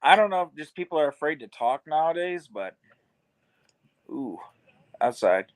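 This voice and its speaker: A man's voice: a little high, very animated, normal speed, no room sound, rough recording. A man co-hosting a casual baseball watch-along podcast, talking loosely and filling his sentences with "like.". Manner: loose and chatty, lots of "like" fillers. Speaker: podcast co-host. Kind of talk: casual sports chat.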